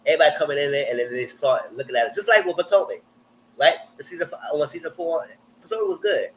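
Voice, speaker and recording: A man giving a blunt, slangy live recap of a TV show, jumping up high in pitch when he quotes people. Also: quick pace, slight background noise, rough recording. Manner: animated, jumps high when quoting people. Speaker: TV recap streamer. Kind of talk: live casual TV recap commentary.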